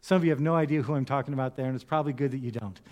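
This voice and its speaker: A man preaching a sermon, telling the story with animated voices and reading scripture aloud. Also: medium pitch, rapid-fire, long reverb tail. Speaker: pastor.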